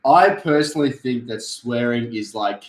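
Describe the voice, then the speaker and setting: A young man hosting a casual livestream chat, blunt and excitable, swearing freely. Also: mid-range voice, normal speed. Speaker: YouTuber host. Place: living room of a house. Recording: roomy indoor echo.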